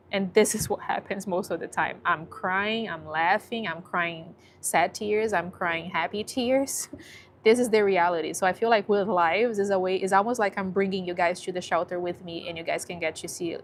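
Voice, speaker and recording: A woman livestreaming on a handheld phone from an animal shelter, chatting casually with viewers, often laughing and emotional, and softening into baby talk with the dogs. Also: mid-range voice, slight background noise.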